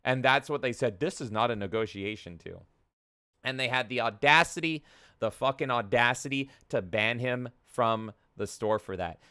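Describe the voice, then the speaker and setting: Male podcast co-host, heated profane ranter, bright crisp close-mic voice. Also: mid-range voice, normal speed, no room sound. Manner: heated, profane ranting with mocking quoted voices. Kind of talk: casual podcast rant.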